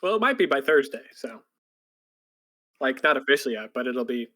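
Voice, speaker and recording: Bright, rambling podcast guy. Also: medium pitch, big pitch swings, a little fast. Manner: rambling and loose, lots of fillers and restarts. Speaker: podcast co-host. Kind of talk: casual chat recapping anime.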